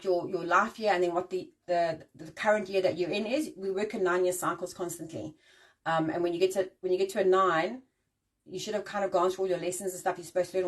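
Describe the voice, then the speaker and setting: A woman's voice: medium pitch, recorded from a distance, poor audio. A woman from Africa, hosting a casual live-stream rant and swearing freely. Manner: animated, swears freely, ranting. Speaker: host.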